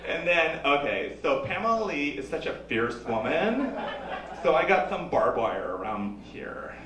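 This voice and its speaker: A man's voice: mid-range voice, background noise. A man doing a stand-up comedy set on a club stage, wry and self-mocking with a punchy delivery. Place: club stage with a live audience. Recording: roomy live sound from a distant mic.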